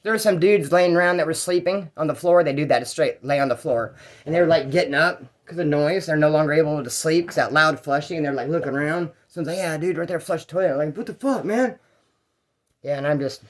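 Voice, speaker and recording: A man telling his own jail stories in a casual, rambling, slang-heavy way. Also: on the high side. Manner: rambling and slangy, with fillers and restarts. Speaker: storyteller. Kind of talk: casual first-person jail story.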